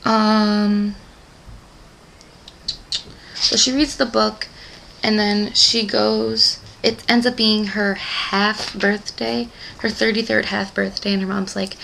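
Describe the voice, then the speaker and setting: A woman's voice: medium pitch, flat delivery, takes it slowly, creaky, pauses often, a bit bright, a little hiss or hum, poor audio. A young woman rambling through a casual book recap, chatty and gushing, full of "like" and "um.". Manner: gushing fan enthusiasm. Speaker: book club vlogger.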